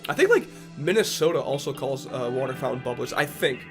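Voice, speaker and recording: A man's voice: mid-range voice, lively intonation, brisk, over music. A man from Rhode Island chatting casually with viewers on a livestream, rambling and joking with a fair amount of profanity. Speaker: streamer.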